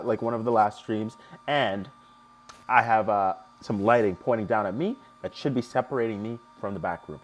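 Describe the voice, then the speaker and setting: A young man hosting a live stream, chatting casually and joking with viewers as he walks through a software tutorial. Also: fairly low pitch. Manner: chatty, jokey, talks to chat viewers.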